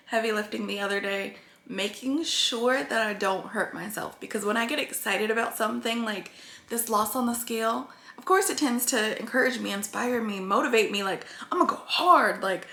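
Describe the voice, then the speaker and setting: A woman's voice: on the high side, bright, forceful tone, reverberant. A woman talking earnestly to her viewers in a rambling vlog about her weight-loss progress. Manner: earnest, rambling, tearful at times. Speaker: vlogger.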